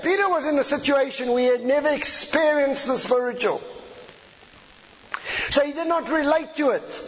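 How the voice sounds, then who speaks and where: A man preaching a teaching sermon and often checking in with his listeners. His voice sits very high for a man. The recording is dull and lo-fi, with a long hall reverb trailing each phrase.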